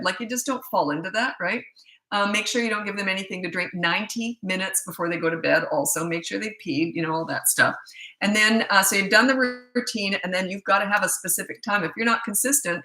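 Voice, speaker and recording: A middle-aged woman from Canada giving parenting advice in a casual live Q&A, talking in a brisk, direct way and reading viewer questions aloud. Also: medium pitch, bright, forceful tone. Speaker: parenting coach. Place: room at her computer. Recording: echoey room.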